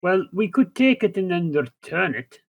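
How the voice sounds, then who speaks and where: A man's voice: sits high, very animated, normal speed, vocal fry, phone-quality sound, exaggerated voice. An older man voicing a cheerful male gnome artificer in a put-on Welsh accent, ending his sentences with "so it is". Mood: earnest. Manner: ends sentences with "so it is". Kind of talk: in-character tabletop play.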